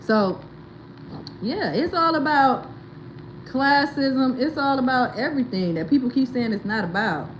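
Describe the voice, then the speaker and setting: A woman's voice: high voice, a little slow, a little hiss or hum, rough recording. A woman host, talking bluntly and animatedly, reacting to viewer comments in casual commentary. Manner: blunt, animated, swearing and laughing. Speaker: livestream host.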